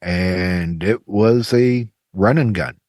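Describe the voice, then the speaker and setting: A man with a very low voice co-hosts a laid-back podcast and rambles through sports talk and crude jokes. The recording is dry and close, with no room sound. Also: slow, darkish tone, no echo. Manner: crude joking, rambling about sports and news. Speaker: podcast co-host. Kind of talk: casual chat.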